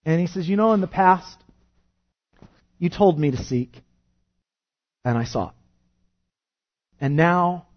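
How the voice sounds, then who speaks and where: A man preaching a sermon, rising loud and fervent when reading scripture and dropping to a soft, quiet tone when explaining it. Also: fairly high pitch, highs cut off. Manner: impassioned, swells loud on scripture then drops soft. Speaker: pastor.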